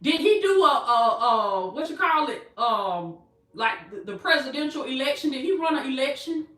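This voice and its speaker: A woman's voice: high voice, expressive, normal speed, pushed and bright, roomy sound, far from the mic. A woman preaching a motivational sermon, repeating her phrases and calling listeners baby.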